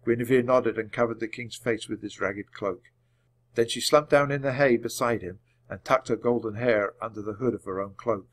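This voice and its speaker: A man reading a children's chapter book aloud with clear narration. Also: medium pitch, normal speed. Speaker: audiobook reader.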